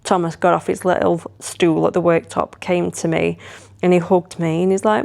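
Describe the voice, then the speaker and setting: A woman's voice: lowish voice, flat delivery, normal speed, vocal fry, a little mellow. A woman, chatting casually and rambling animatedly as she talks to her vlog audience. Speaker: vlogger.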